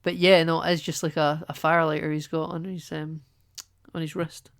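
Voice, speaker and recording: A man's voice: a little high, flat delivery, normal speed, a bit bright, clean tone. A man co-hosting a casual movie-review podcast, chatty and laughing often, acting out characters' lines as he talks. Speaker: podcast co-host.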